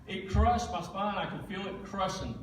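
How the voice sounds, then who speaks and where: A man's voice: high voice, normal speed, noisy background. A man, a guest speaker giving a plain-spoken, folksy testimony during a church service. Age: 40s. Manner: plain-spoken storytelling, folksy Southern phrasing. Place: church sanctuary. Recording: echoey church room, distant mic.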